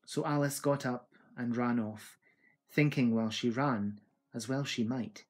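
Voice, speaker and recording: A man reading a classic children's novel aloud in a quiet, measured storytelling voice. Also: mid-range voice, steady tone, breathy edge. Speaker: reader.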